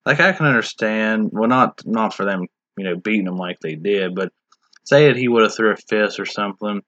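A man with a lowish voice talks in a loose, rambling way, restarting his sentences and leaning on filler words. The recording is dull and muffled, with a dry, close sound and no room echo. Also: normal speed, fairly bright tone. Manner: rambling, hesitant, many restarts. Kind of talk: casual discussion.

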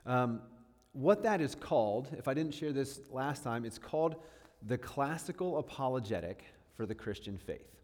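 A chatty man in his thirties gives a casual sermon-style talk, mid-pitched, often checking in with his listeners. His voice carries a long reverb from a large hall. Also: animated, normal speed, a little mellow. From northern New York State. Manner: chatty and self-deprecating, lots of fillers and checks. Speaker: guest speaker.

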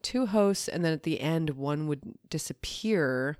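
Young woman podcast co-host, very low yet animated voice, dry sound, teasing banter. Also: unhurried, no echo. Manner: teasing, expressive, swearing. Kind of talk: casual podcast chat.

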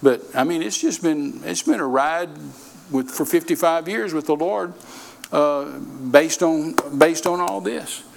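Gravelly older male preacher. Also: fairly high pitch, a little slow, a little hiss or hum, rough recording. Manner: folksy and repetitive, with many restarts. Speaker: traveling preacher. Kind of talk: sermon.

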